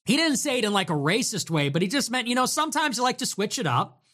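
A man's voice: very high voice, very animated, fast, sharp tone. A young man ranting profanely and sarcastically as a livestream host.

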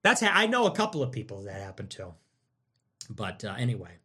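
A man's voice: lowish voice, wildly swooping pitch, fairly quick, sharp tone, breathy edge. A young adult man delivering a heated, profane, mocking solo monologue as a commentator.

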